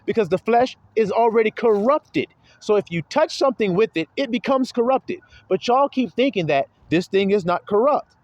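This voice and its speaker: A man's voice: sits high, animated, moderate pace, few pauses, a little mellow, no echo, muffled recording. A man preaching a sermon, pressing his listeners with rhetorical questions and calling them his little flock.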